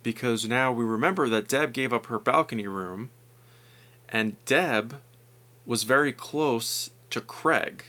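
A man's voice: medium pitch, takes it slowly, pushed and bright. A man co-hosting a true-crime podcast in casual chat, teasing his partner and laughing often. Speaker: podcast co-host.

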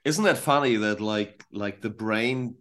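A man from northern Germany with a German accent, a musician guest chatting casually on a podcast, lively and full of quick restarts. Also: fairly low pitch. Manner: animated, quick restarts, mimics voices in stories.

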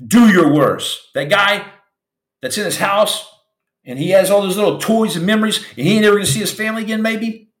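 A man's voice: high-pitched, a little fast, a bit bright, roomy sound. A man hosting a podcast, telling stories in an impassioned, preachy motivational style that turns raw and emotional. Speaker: podcast host, former Navy SEAL.

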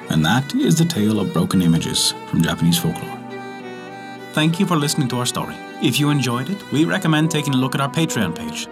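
A man reading a folktale aloud as a storyteller, in measured, expressive narration. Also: mid-range voice. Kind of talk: scripted narration.

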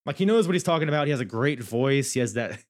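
A man's voice: medium pitch, expressive, fast. A man hosting a podcast, rambling candidly through a casual review and swearing freely. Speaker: podcast host.

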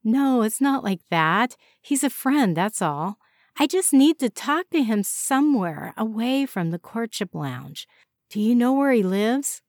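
An earnest young woman pleads and presses in a storybook reading, as a woman narrator puts her on. The voice sits a little high and sounds dry and close. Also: very animated, measured pace, darkish tone, no room sound. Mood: pleading. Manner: pleading, insistent.

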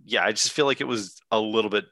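Low-voiced guy, kinda bright tone, hesitant, keeps blanking on words. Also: fast, dry recording. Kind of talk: casual chat.

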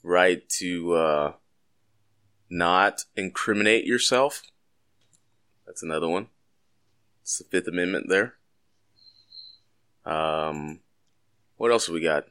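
A man's voice: low-pitched, slow, long pauses, sharp tone, clean tone. A man co-hosting a podcast in casual, joking chat, swearing freely. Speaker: podcast co-host.

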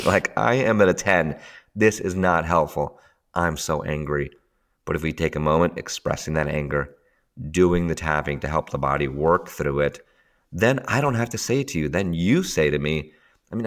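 At a moderate pace and in a rumbling low voice, a tapping teacher on a podcast explains emotional tapping conversationally. He's animated, laughs frequently, and voices what people tell themselves inside.

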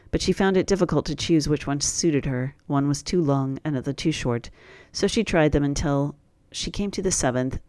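A man reading a classic fairy tale aloud in a steady, plain storytelling voice. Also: fairly high pitch, clean tone, no echo.

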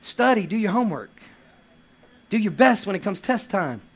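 A man preaching a lively sermon with playful asides and acted quotes. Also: sits high, normal speed. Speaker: pastor.

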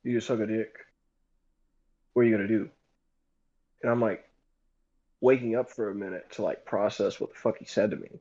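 A man's voice: on the low side, moderate pace, pauses often, lo-fi sound. A young man casually telling a rambling, profane story on a group voice call. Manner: profane, rambling, animated retelling.

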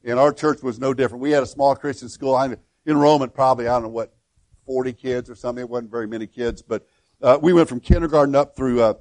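A man's voice: mid-range voice, fast talker, a little mellow, no room sound. Man, middle-aged, pastor, sermon, conversational, restarts often, dry recording. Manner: conversational preaching with frequent restarts.

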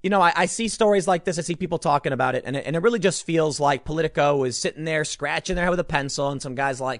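A man's voice: a little high, racing, hardly any pauses, a bit bright, no room sound, clean studio sound. A man ranting as a political commentator, exasperated and sarcastic in a solo talk.

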